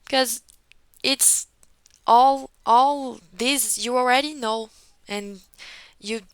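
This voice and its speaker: Woman English teacher, slow pace, smooth clear voice, dry close sound, patient corrections over a video call. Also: a little high, no echo, rough recording. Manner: patient, gently correcting, frequent "okay?" check-ins. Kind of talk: one-on-one online class feedback.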